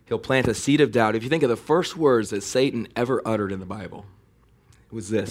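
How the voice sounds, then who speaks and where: A man preaching a sermon in a conversational way, building to animated emphasis. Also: lowish voice, brisk. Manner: conversational preaching, animated when mocking enemy taunts. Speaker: pastor.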